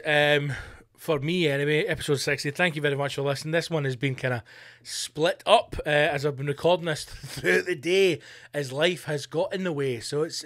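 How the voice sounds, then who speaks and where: A man hosts a casual comedy podcast, riffing and cursing as he reads out a news story. His voice sits fairly high for a man. The sound is dry and close, with no room echo. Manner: sweary, jokey banter while reading a news story aloud. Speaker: podcast host. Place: home studio.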